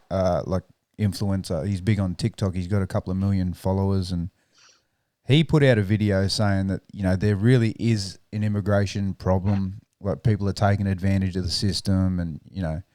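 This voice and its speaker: A man's voice: sits low, steady tone, normal speed, dark tone, no echo, studio quality. A man hosting a podcast, chatting casually with crude, profane banter. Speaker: podcast host. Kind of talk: casual chat.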